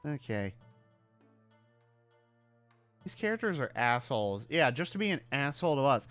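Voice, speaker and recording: Animated, profane male game streamer. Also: mid-range voice, a little fast, hardly any pauses, no room sound, faint music behind. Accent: mixed Southern US and New York. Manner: animated, profane, laughs often. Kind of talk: casual gaming commentary.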